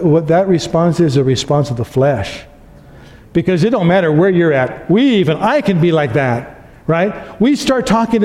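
A pastor preaching a sermon, telling stories earnestly and building to emphatic peaks. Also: male voice, a little high, a little mellow. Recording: long reverb of a large hall.

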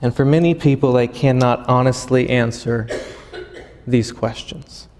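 A man preaching a sermon. He tells a long story, halting and often repeating words as he goes. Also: mid-range voice, a little mellow. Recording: long hall reverb.

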